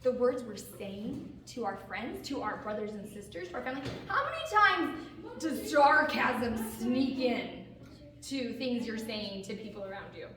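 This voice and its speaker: A woman coach talks to a room of kids in a bright, high voice, upbeat and full of questions for the audience. The mic is far from her, so her voice sounds distant. The room is very echoey, and steady noise runs under her words. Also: measured pace, crowd noise. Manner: animated and encouraging, asks the audience questions. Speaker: theater and vocal coach. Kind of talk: talk to a group of kids.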